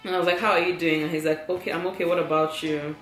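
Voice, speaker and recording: Talking fast in a lowish voice, a young woman vlogger teases her partner and laughs through a lively story in a casual couple chat. The sound is roomy, with faint music playing behind her.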